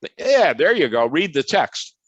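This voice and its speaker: A man's voice: on the high side, very animated, normal speed, breathy edge, dry recording, dull audio. An older man from Chicago with a Chicago accent, a professor giving an online lecture over a video call in a conversational, anecdotal way that often wanders. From Chicago, USA.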